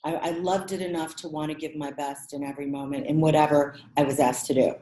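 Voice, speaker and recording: A middle-aged woman from the American Midwest, a podcast guest telling her career story in an animated, expressive way and acting out quotes. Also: low voice, quick pace. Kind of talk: conversational storytelling. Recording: roomy echo.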